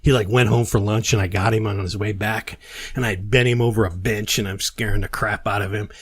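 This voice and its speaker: A man hosting a podcast who tells stories in a casual, animated way and acts out the quotes. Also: fairly low pitch, a little fast, breathy edge, no room sound. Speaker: podcast host. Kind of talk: casual storytelling chat.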